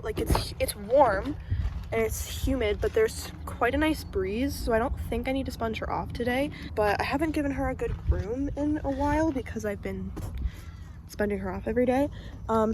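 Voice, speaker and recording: A young woman vlogging casually, rambling and correcting herself as she talks, sometimes soft and close to tears. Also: medium pitch, slight background noise. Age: young adult. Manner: chatty, rambling, self-correcting; soft, subdued and near tears. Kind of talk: casual vlog chat. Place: car, then outdoors at a barn.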